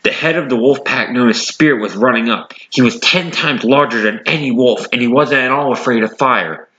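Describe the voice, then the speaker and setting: A man reads a homemade animal story aloud in a plain manner, fixing his own slips as he goes. His voice is bright and sits at a middle pitch. The recording sounds dull and lo-fi. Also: moderate pace, roomy sound. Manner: plain reading with self-corrections. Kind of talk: reading an original story.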